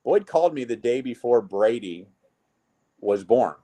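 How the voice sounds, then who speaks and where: A man's voice: mid-range voice, measured pace. A man in a casual interview, telling stories from his business life and acting out what people said to him. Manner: animated storyteller, acts out quotes. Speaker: guest, network marketing leader.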